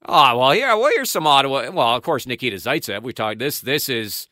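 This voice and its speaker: A man hosting sports talk radio, chatting casually with lively banter and often laughing as he reads out poll numbers. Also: mid-range voice, fairly quick, no room sound, clean studio sound.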